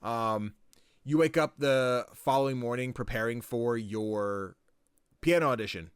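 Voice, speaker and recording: A man at a mid pitch talks through a game's story in loose, rambling podcast chat, peppered with "like" and frequent swearing. His voice sits close and dry, with no room sound around it. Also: unhurried, clear, resonant tone, no room sound. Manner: rambling, swears freely, lots of likes and ums. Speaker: podcast co-host. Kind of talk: casual game recap chat.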